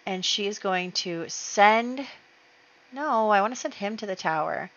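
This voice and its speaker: A woman's voice: mid-range voice, expressive, unhurried, fairly bright tone, lo-fi sound. A woman hosting a let's play, chatting casually as she narrates her game moves with fillers and small laughs.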